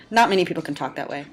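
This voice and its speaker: A woman doing a casual, chatty fan commentary over a cartoon episode, sarcastic and laughing, with the odd swear word. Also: on the low side.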